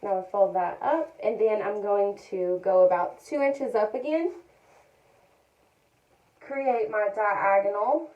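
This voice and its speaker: A woman giving a calm, methodical step-by-step tutorial, narrating each move and repeating her key points. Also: mid-range voice, slow, highs cut off. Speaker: hair color educator.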